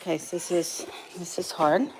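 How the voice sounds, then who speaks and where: A woman's voice: lowish voice, measured pace, very noisy. A young woman vlogging as a mother of quadruplets, chatting casually and switching to soothing baby talk. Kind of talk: casual vlog chat.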